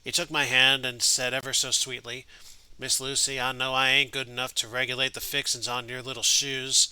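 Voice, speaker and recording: A man's voice: mid-range voice, flat delivery, normal speed, sharp tone, clear, resonant tone, rough recording. A man reading aloud the letters of a gushing young woman from a game, in his own voice.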